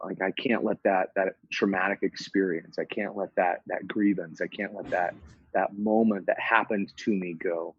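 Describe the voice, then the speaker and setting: A man's voice: sits low, steady tone, moderate pace, breathy edge, no echo, dull audio. A man talking as a podcast guest, a former psychotherapist who talks in a reflective, storytelling way, often laughing and restarting his sentences. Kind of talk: casual conversational interview.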